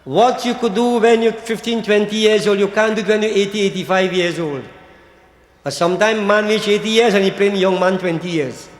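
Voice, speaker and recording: High-pitched and fairly quick, an older man preaches a sermon, calling his audience devotees and tossing out rhetorical "hmm?" asides. The hall echoes with a long reverb.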